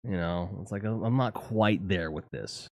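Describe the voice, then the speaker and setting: Low-voiced rambling streamer man. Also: moderate pace, no echo, studio quality. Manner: rambling, profane, animated music opinions. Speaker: streamer host. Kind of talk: casual live-stream chat.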